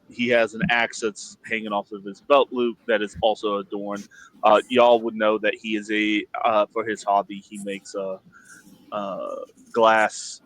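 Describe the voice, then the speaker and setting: A man who plays in a tabletop game, describing his character haltingly with many fillers. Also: on the low side, fairly bright tone, poor audio.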